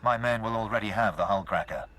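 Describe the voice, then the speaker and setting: An actor voicing a brisk military officer giving orders in a video game. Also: male voice, lowish voice, pushed and bright. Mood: briefing. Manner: brisk, businesslike.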